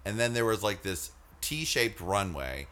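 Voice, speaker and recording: Bright, lively man chatting. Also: fairly low pitch, measured pace. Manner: playful, lively, puts on mock gushing voices. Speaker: podcast co-host. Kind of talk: casual chat.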